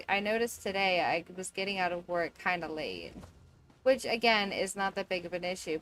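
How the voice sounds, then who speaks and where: A woman's voice: fairly low pitch, low-quality recording. A woman in her thirties streaming a game from home, chatting in a rambling, easygoing way full of fillers. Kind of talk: casual chat while gaming.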